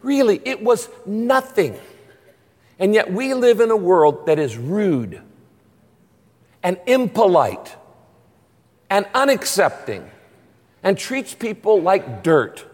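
A man preaching a sermon as pastor, emphatic and animated. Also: high voice, slow pace, pauses often, in a large hall.

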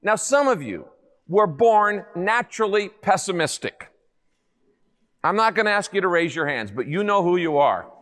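A male pastor preaching a sermon in a lively, humorous manner, full of rhetorical questions to the congregation. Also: high voice, normal speed. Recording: long hall reverb.

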